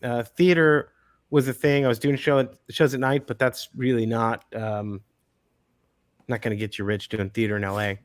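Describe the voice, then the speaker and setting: A man in his forties, an actor guest telling stories in a relaxed interview, often repeating words as he starts a thought. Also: mid-range voice, normal speed. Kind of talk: casual interview chat.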